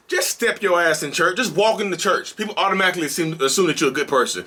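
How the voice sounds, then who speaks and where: A male mental health vlogger talking straight to camera in a casual, energetic, preachy and colloquial way. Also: high-pitched, quick pace, few pauses, breathy edge. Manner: energetic and bouncy. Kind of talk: casual direct-to-camera vlog.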